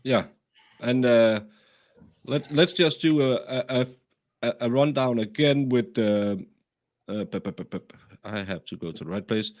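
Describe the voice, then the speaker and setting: Halting man reading out viewer chat. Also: medium pitch, a little mellow. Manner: halting, many fillers and restarts. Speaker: host.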